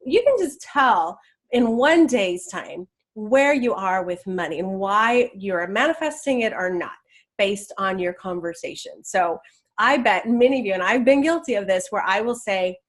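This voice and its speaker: A woman's voice: mid-range voice, expressive, unhurried. A woman teaching law of attraction in a casual, enthusiastic talk, chatty with many restarts.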